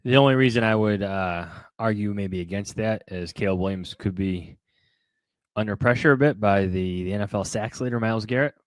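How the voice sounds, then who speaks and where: A man's voice: on the low side, fairly quick, dry recording. A man co-hosting a sports podcast, easygoing and joking. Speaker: podcast co-host. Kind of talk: casual podcast chat.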